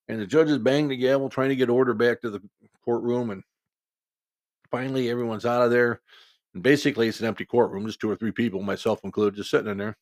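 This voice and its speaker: A man's voice: mid-range voice, gravelly, no room sound, clean studio sound. A man with a cold, telling a personal story in a rambling, folksy way as a podcast host. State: has a cold. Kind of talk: casual storytelling.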